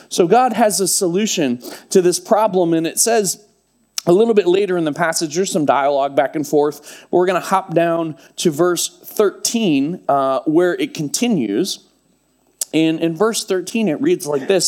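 A man preaching a sermon, reading scripture and retelling it in a lively, casual storytelling way with humorous asides. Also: on the high side, normal speed. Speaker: pastor.

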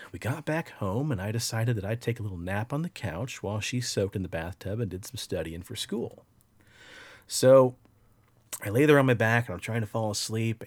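A podcast host telling a story casually in a relaxed, animated way, with swearing throughout. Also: male voice, on the low side, no room sound.

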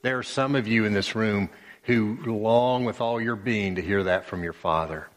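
A man preaching a sermon as pastor, slow and emphatic, pausing often and repeating phrases. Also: on the low side. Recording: long reverb of a church hall.

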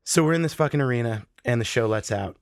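A man's voice: medium pitch, fast talker, creaky, no echo, clean studio sound. A man casually telling a wild story, swearing freely and acting out the people in it. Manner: profane, animated, acts out the people in his stories.

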